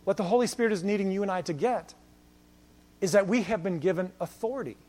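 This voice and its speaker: A male pastor preaching a sermon, swinging between loud exhortation and quiet storytelling. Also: sits high, fast talker.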